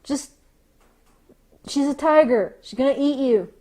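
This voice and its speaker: A podcast co-host speaks in a voice that sits high, a little slow and dark in tone. Her casual ranting commentary is sarcastic and full of profanity, with frequent stops and restarts.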